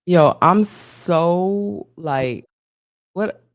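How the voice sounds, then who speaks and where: A woman co-hosting a casual live-stream show, venting in an irritated way and swearing freely on a boom mic at home. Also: very slow, dry recording, studio quality. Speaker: co-host.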